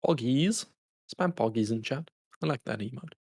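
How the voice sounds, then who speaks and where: A man's voice: mid-range voice, animated, normal speed, darkish tone, slightly rough. A man co-casting a live esports match, joking and bantering with his partner and the viewers. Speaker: esports co-caster.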